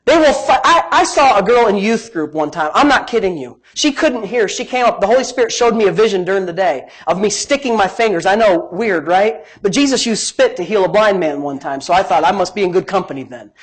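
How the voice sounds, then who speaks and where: Preaching as pastor, a middle-aged man shifts from soft asides to forceful, climbing lines. He has a high, husky voice and talks a little fast with few pauses, on poor audio.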